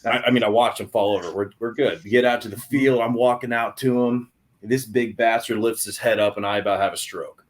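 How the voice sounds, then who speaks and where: A young adult man telling a hunting story on a podcast in an excited, animated way, with many restarts. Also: mid-range voice, brisk. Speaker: podcast guest. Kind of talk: casual storytelling.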